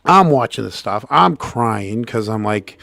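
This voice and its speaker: Middle-aged man, gravelly voice, dry close sound, animated storyteller. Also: measured pace, no echo. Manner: animated, acts out quotes with jumps in pitch. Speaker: co-host. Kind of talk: casual storytelling chat.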